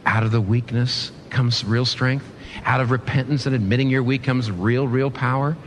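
A man preaching a sermon, animated, asking his listeners rhetorical questions and often restarting his sentences. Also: mid-range voice, normal speed, a little hiss or hum. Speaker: pastor.

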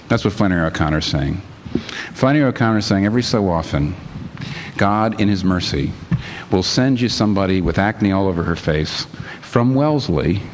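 A man preaching a sermon as pastor, lively and emphatic, reading passages aloud. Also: fairly low pitch, big-room sound, slight background noise.

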